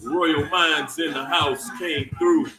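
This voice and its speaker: A man's voice: on the high side, fairly even intonation, slow, echoey room. A man from Washington DC hosting a live stream, greeting viewers in a playful, joking way and laughing often. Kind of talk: casual chat greeting viewers.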